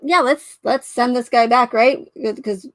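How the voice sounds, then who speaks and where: Higher-voiced woman picking apart a case, skeptical, lots of um and restarts, dry close mic. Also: measured pace, dry recording. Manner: skeptical, questioning, trails off and restarts. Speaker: true crime commentator. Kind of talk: casual spoken commentary.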